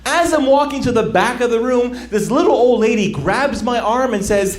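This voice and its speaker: A man's voice: extremely high pitch, normal speed, hardly any pauses. A man doing a stand-up set on a club stage, telling stories and laughing at his own jokes. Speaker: stand-up comedian. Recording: roomy live club with crowd laughter. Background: audience laughing.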